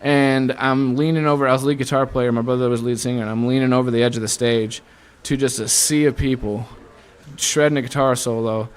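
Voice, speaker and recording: Animated young man from Iowa telling stories. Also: mid-range voice, fairly quick, smooth. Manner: animated storyteller who acts out quoted voices. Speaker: guest musician. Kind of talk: casual storytelling interview.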